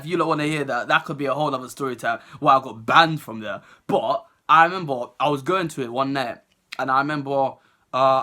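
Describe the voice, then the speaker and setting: A young woman tells a story to camera, her pitch leaping around in an animated, lively way. The tone is bright and clear, and she breaks into laughter as she goes. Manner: animated, laughing, acts out other people's voices. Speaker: vlogger. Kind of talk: storytime vlog.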